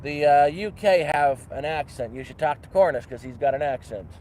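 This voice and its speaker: A Canadian man with a fairly high voice and a Canadian accent, chatting loosely on a livestream from an outdoor campsite. He rambles and pokes fun at himself, tossing in a playful "eh" and "bud". Faint outdoor ambience and passing traffic sit behind him. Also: moderate pace, darkish tone. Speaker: livestream host. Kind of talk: casual outdoor livestream chat.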